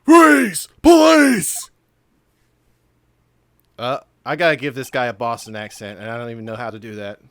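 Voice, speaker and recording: A man chatting casually over a game, self-mocking and quick to laugh. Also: medium pitch, fairly bright tone, clear, resonant tone, no echo. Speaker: video host and player. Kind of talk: casual gameplay chat.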